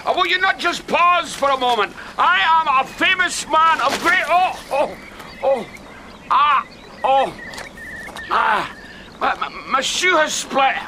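A pompous old Scottish poet. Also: male voice, very high-pitched, animated, takes it slowly, bright, forceful tone, a little hiss or hum, exaggerated voice. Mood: pleading. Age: older. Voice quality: grandiloquent, theatrical. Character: vain older male wandering poet, pompous. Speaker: actor. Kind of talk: film drama acting.

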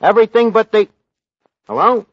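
A wisecracking tavern manager. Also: male voice, high-pitched, animated, moderate pace, husky, dry recording, muffled recording. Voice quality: wisecracking, bad grammar. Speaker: host. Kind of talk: 1940s radio comedy acting. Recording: old radio broadcast with live audience laughter.

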